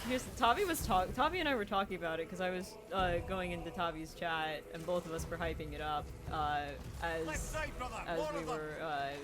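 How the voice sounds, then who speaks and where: A streamer chatting casually during a game stream, excitable and chatty, laughing often. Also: mid-range voice, normal speed, noisy background.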